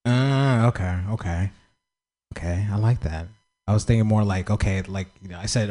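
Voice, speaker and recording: A male comedian with a low-pitched voice asks an open mic crowd for feedback. He stammers and trails off, pleading for anyone to speak up. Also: mellow. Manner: halting, stammering, pleading with the audience. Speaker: stand-up comedian. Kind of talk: crowd work after a stand-up set.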